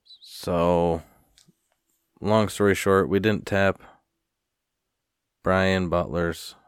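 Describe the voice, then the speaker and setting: A man's voice: deep voice, steady tone, extremely slow, clear, resonant tone, no room sound, clean studio sound. A man telling a rambling, profane story in a casual rant, sighing now and then. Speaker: vlogger.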